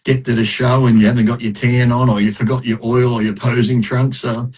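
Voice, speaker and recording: A man's voice: medium pitch, level tone, a little fast, a little mellow, slightly rough, rough recording. A middle-aged man, telling stories in a blunt, profane, self-mocking way as a podcast guest. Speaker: podcast guest, retired bodybuilder. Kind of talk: casual interview storytelling.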